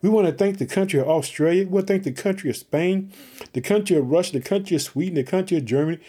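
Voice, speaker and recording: Fired-up Chicago preacher, husky and mellow. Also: male voice, high-pitched, quick pace. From Chicago, Illinois. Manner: fervent, repetitive call-outs to listeners. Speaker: podcast preacher. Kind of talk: sermon.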